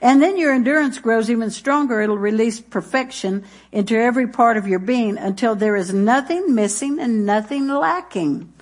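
A woman's voice: fairly high pitch, moderate pace, hardly any pauses, darkish tone. A woman preaching in a church, chatty and folksy, telling homey stories and reading scripture between laughs. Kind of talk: sermon with jokes and scripture reading.

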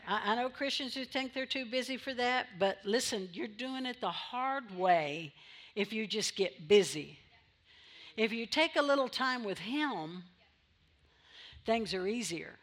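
A woman's voice: on the high side, fairly bright tone. Woman preaching, repeating lines for emphasis. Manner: call-and-response preaching, repeats phrases for emphasis. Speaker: pastor. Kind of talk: sermon.

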